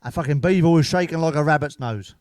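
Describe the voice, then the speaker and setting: A man's voice: a little high, fast, darkish tone, dry recording. Bawdy man telling crude jokes. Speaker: stand-up comedian. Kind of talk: comic storytelling.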